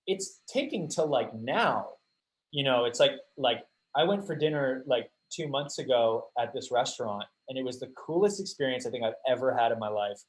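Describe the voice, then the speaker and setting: A young man, a guest actor, chatting casually on a podcast, telling animated stories, swearing freely and laughing often. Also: mid-range voice, moderate pace, poor audio.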